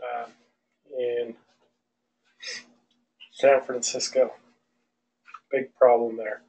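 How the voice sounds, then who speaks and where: A male aviation instructor lecturing an online class in a relaxed, loose way, with many fillers and restarts. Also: medium pitch, extremely slow, gravelly, rough recording. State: out of breath.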